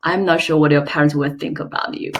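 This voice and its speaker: A woman teaching an online lesson, slow and clear, with playful examples. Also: sits low, fairly even intonation, lo-fi sound. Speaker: Chinese teacher.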